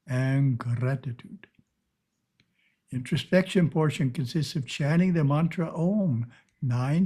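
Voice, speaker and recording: A man giving a calm, measured spiritual teaching talk over a video call. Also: medium pitch.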